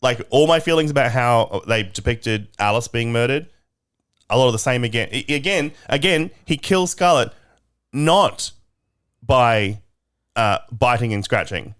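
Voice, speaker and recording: A man's voice: mid-range voice, lively intonation, unhurried, fairly bright tone, clean tone. A man with an Australian accent co-hosting a podcast, blunt and sweary as he rants in exasperation. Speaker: podcast co-host. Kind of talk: casual chat. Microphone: podcast headphones setup.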